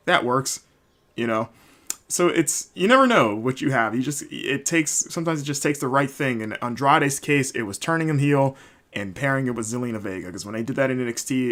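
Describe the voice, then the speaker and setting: A man's voice: medium pitch, fairly bright tone. A man hosting a solo wrestling recap podcast, rambling casually with many fillers and restarts. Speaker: podcast host.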